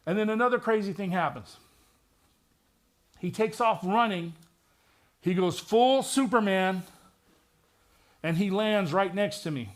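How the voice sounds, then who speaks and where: Retired cop guy telling his story at church, kinda high voice, dramatic w/ dry jokes. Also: unhurried, long pauses. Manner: vivid, dramatic retelling with wry humor. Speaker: retired police detective. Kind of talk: personal testimony storytelling.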